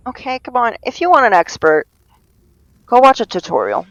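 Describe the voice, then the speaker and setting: A woman streaming a game live, talking through it in a rambling, self-mocking way and breaking into panicked yells. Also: medium pitch, very animated, normal speed, creaky, long pauses, no room sound, rough recording. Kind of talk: live gameplay commentary.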